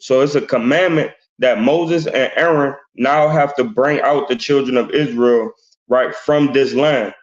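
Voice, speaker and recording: Slow-reading man teaching scripture, roomy. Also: medium pitch. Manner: reads verses slowly, then explains in casual street talk. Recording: roomy, dull lo-fi sound.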